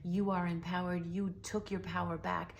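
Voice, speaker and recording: Soft-spoken emotional woman reader. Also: lowish voice, flat delivery, moderate pace. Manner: emotional, soothing, repetitive, drifts into soft whispers. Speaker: tarot reader. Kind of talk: intuitive reading to the viewer.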